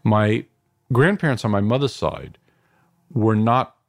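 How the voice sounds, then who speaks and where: A man from New York in his fifties, a filmmaker reflecting on his family in an interview, halting and restarting often. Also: on the low side, vocal fry, no echo, studio quality. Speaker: filmmaker guest. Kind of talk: interview answers.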